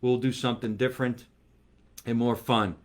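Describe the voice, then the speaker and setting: A man's voice: medium pitch, little pitch movement, normal speed. Chatty comedian man live-streaming. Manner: chatty and rambling, reads viewer comments aloud. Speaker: comedian and show host. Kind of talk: casual live-stream chat with viewers.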